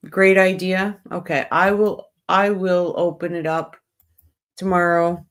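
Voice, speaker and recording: A woman's voice: lowish voice, slow. A woman hosting a casual livestream, rambling in a friendly way and talking straight to her viewers. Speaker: livestream host.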